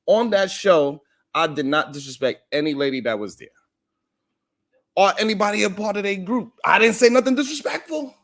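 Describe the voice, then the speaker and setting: A man's voice: high voice, lively intonation, normal speed, fairly bright tone. A man hosting a live stream, telling a story at length, acting out the voices in it and greeting his chat by name. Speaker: live stream show host. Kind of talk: animated live stream monologue.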